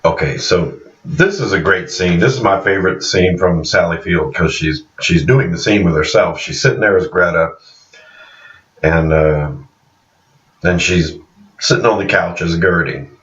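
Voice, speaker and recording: Low-voiced man recapping in a roomy space. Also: a little slow, fairly bright tone. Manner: retells scenes, chuckling and acting out lines. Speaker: TV series reviewer. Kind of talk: casual scene-by-scene recap. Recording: roomy, distant, dull recording.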